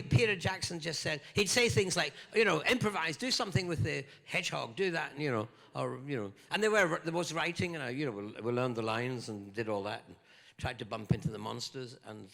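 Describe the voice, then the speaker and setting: A man's voice: a little high, gravelly, fairly bright tone. Older Scottish man telling stories in a hall. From Scotland. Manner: playful, jokey, breaks into Scottish banter. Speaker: guest actor at a fan convention Q&A. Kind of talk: lively anecdotal storytelling. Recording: echoey convention hall.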